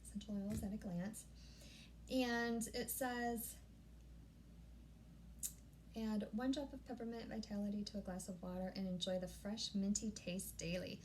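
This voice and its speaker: A woman vlogging a casual unboxing at home, gushing and easily excited, often breaking off mid-sentence. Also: medium pitch, unhurried, long pauses, slight background noise. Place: home room.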